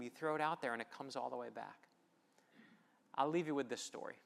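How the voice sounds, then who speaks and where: A middle-aged man giving an inspirational storytelling speech at a festival, emphatic and animated as he acts out conversations. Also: medium pitch, fairly quick, gravelly. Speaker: author giving a festival talk. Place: festival stage before an audience.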